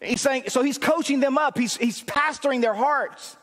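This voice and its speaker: A pastor preaching a sermon in a conversational style that rises to emphatic shouts. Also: male voice, extremely high pitch, normal speed, big-room sound.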